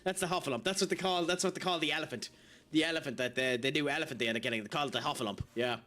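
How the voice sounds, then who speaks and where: Racing along in a slightly high, sharp-toned voice, a young man gives casual live-stream commentary on a game as faint music plays. He's talkative, laughs at his own expense, and uses lots of fillers.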